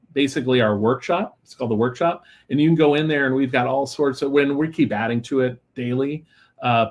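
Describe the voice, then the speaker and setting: A man speaking as a podcast guest at a mid pitch. He is relaxed and chatty, leaning on "you know" and "um" as he explains at length. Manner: relaxed and talkative, with many fillers and "you know". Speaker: guest, lighting company executive. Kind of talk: casual interview chat.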